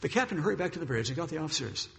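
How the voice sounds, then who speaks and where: A male preacher tells a dramatic story from the pulpit, his slightly high voice gravelly and his delivery brisk. He recorded in a reverberant church hall that leaves a long echo behind each phrase. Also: sing-song, a bit bright. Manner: dramatic storyteller, acting out the characters' lines. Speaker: pastor. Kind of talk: sermon storytelling.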